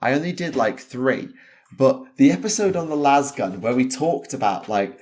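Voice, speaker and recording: A man's voice: mid-range voice, lively intonation, normal speed, darkish tone. Sweary man ranting on a podcast. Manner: ranting, sweary, emphatic, laughs often. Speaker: podcast host. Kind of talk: casual podcast chat.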